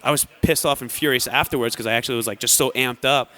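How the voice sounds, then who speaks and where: With a medium-pitched voice and quick delivery, this young American athlete tells stories as a podcast guest. His tone is casual and animated, and he performs the quotes rather than just reporting them.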